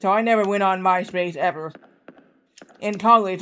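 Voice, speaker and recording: A man's voice: sits high, moderate pace, a bit bright, slight background noise. A man in his thirties streaming a game, telling a rambling story with lots of repeats and acted-out quotes. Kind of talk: casual storytelling while gaming.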